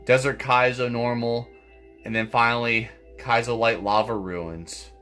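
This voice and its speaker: A man's voice: medium pitch, fairly even intonation, unhurried, bright, forceful tone, faint music behind. A man commentating his own gameplay, swearing often and stammering through restarts. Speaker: gaming channel host. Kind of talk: let's play commentary.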